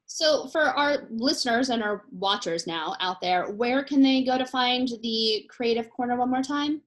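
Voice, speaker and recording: A woman's voice: a little high, measured pace. A woman hosting an interview, asking questions and thanking her guest in a polite, upbeat way. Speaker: host.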